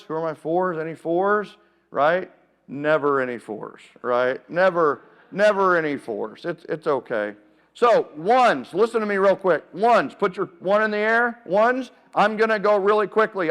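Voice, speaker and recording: A man giving a keynote talk at a live seminar, energetic and playful, calling out to the audience and getting them to join in. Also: fairly high pitch. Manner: energetic, playful, calls out to the crowd. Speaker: keynote speaker. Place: event room with a live audience.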